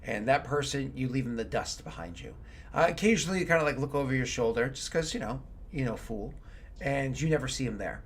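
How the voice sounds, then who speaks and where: A man's voice: mid-range voice, expressive, fairly quick, slightly rough. Easygoing male game master narrating.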